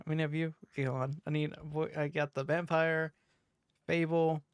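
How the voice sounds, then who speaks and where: A man's voice: on the high side, little pitch movement, normal speed, clean tone, no room sound, studio quality. A man chatting casually and joking while he voices characters in a game, scattered and talking over himself. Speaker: game player.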